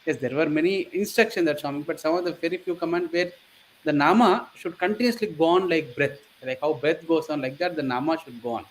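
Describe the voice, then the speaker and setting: A man's voice: on the high side, brisk, poor audio. A man telling a story in casual conversation, rambling and hesitant, with many fillers.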